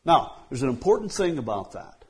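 A man's voice: mid-range voice, big pitch swings, a little fast, slightly rough. A man preaching a sermon in a conversational way, often repeating himself and saying "you know.".

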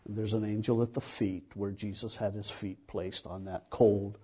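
A man's voice: lowish voice, flat delivery, normal speed, dark tone, slightly rough. A man preaching a sermon, retelling a scripture story dramatically and building to fervent emphasis.

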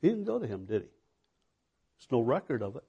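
A man's voice: medium pitch, big pitch swings, a little fast, creaky, slightly rough, phone-quality sound. A man preaching a sermon in a conversational way, asking the listeners questions. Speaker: pastor.

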